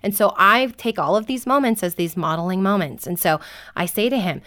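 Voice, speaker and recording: A woman in relaxed conversation with a mid-range voice, earnest and explaining herself step by step. She is a mother talking things through on a parenting chat show. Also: medium pitch, brisk. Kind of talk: casual chat.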